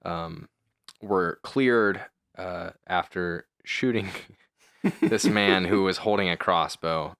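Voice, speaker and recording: A man's voice: deep voice, slow, fairly bright tone, clear, resonant tone, dry recording. A young man co-hosting a casual podcast, laid-back and dry, often giving short replies. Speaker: podcast co-host. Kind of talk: casual chat.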